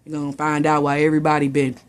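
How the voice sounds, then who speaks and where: A woman's voice: deep voice, completely flat delivery, rapid-fire, clear, resonant tone. A woman doing a casual tarot reading. She talks in a blunt, dramatic and profane way and keeps slipping into mock voices. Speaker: tarot reader.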